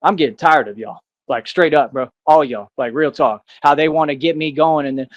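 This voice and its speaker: An American man delivers a defiant rant, boastful and confrontational, circling back to the same points again and again. His voice sits a little high for a man. The sound is dry and close, with no room around it. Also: brisk, few pauses, no echo, muffled recording. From United States. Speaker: self-styled vigilante. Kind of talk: ranting monologue to camera.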